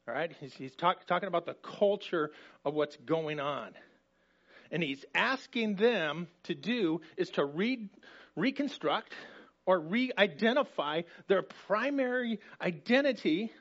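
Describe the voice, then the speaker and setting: A higher-pitched man preaches a sermon in a conversational yet emphatic way, often restarting his phrases. The recording is dull and lo-fi, with the top end muffled. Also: fairly bright tone. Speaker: pastor.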